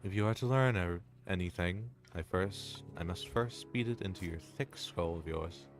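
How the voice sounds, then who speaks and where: A man's voice: sits low, music in the background, natural voice. A man voicing a possessive, sneering female entity. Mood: menacing, smothering. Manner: slow, theatrical, sneering formal speech. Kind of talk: reading game dialogue aloud.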